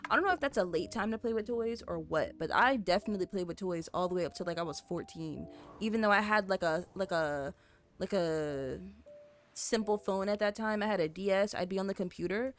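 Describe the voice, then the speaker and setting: A woman's voice: medium pitch, brisk, soft background music. A young woman streamer, rambling casually to her chat while building in a game, full of "like" and "you know". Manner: rambly, lots of "like" and "you know", apologetic and chatty with viewers.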